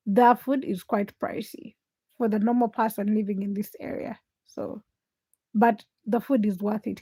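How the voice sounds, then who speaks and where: A woman from Uganda hosting a casual late-night livestream, telling stories in an animated way and reading viewer comments aloud. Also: on the high side, breathy edge, no echo. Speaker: livestream host.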